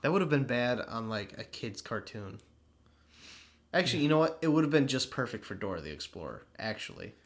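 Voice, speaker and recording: A man's voice: medium pitch, very animated, a little fast. A man co-hosting a podcast in loose casual chat, rambling and swearing, laughing often. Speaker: podcast co-host.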